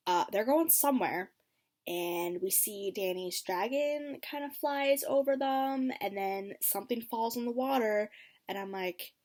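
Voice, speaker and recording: A woman casually recapping a TV episode for her vlog. She talks in an expressive, chatty way with frequent ums and likes, swinging between lively bursts and low muttered asides. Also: measured pace. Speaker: TV episode reaction vlogger.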